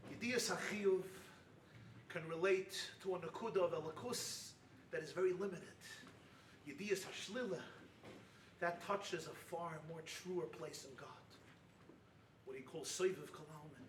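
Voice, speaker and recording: A man preaching as a rabbi at a retreat, impassioned, swinging from loud calls to hushed lines and mixing in Yiddish and Hebrew terms. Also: a little high, normal speed, slight background noise. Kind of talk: sermon with storytelling. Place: hall at a weekend retreat. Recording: roomy, distant mic with faint ambience.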